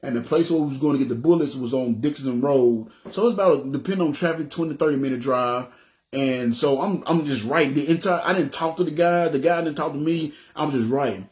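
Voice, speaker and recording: A middle-aged man giving a casual testimony into his phone, animated and acting out the people in his story. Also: a little high, brisk.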